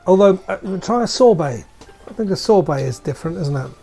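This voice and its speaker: Higher-voiced british bloke, rambling self-mocking stories, faint music. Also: male voice, lively intonation, fairly quick, creaky, mellow. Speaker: player. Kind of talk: casual anecdote-telling chat.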